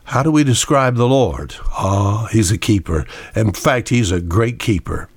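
A man's voice: fairly low pitch, expressive, unhurried, slightly rough, no room sound. Older male radio preacher, conversational and folksy, dry close sound. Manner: folksy, conversational, repeats key words for emphasis. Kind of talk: radio sermon.

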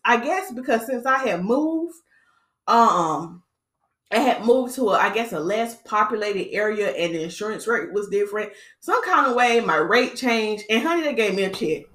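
A woman hosting a podcast, giving a casual motivational talk in an animated storytelling way and calling her listeners "y'all". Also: fairly high pitch, a little fast, echoey room. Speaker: podcast host.

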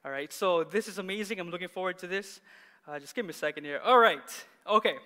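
A man in his thirties preaching a sermon as pastor, animated and often laughing as he tells a story. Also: sits high, fast. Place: church hall. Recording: long church hall reverb.

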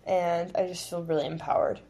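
A woman's voice: on the low side, steady tone, a little fast, warm tone. A young woman co-hosting a podcast, chatting in a bubbly way and acting out her own reactions. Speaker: podcast co-host. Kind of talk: casual chat.

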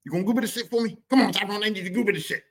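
A man impersonating his father, a gruff man near seventy who curses constantly and barks demands impatiently. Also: sits high, rapid-fire, pitched above the performer's own voice. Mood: pushy.

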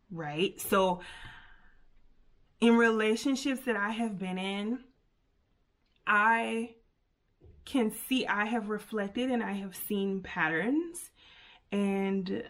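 Young woman podcasting solo, slow easy chatter, lots of ums and asides. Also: medium pitch. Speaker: podcast host. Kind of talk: casual solo podcast chat.

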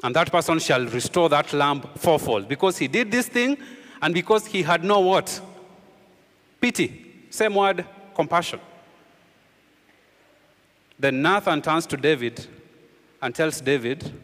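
Male pastor preaching, slightly high voice, asks the room questions then drops real quiet, long church echo. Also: unhurried, pauses often. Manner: emphatic preaching with rhetorical questions, dropping low and quiet for key points. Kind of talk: sermon.

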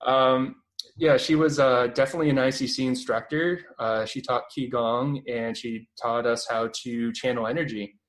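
A man's voice: medium pitch, rough recording. A man in his twenties with a Canadian accent, a guest on a radio interview, talking through his experiences with lots of fillers and restarts. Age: 20s. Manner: hesitant, many fillers and restarts.

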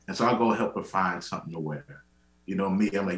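A young man, a guest on a podcast, telling stories expressively in casual chat. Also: fast. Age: young adult. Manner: expressive, jumps high for acted quotes. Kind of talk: casual chat, animated storytelling. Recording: roomy echo.

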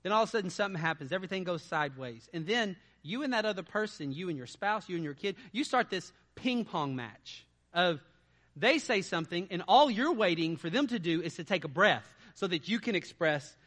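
A male pastor preaching a sermon, asking his congregation lively rhetorical questions. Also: high voice, brisk.

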